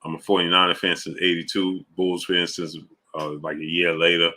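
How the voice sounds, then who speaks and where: Man, New York accent, low voice, bright forceful tone, casual livestream chat, slangy, greets viewers. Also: flat delivery, fairly quick. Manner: slangy, reads out viewer names and greets them. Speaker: livestream host.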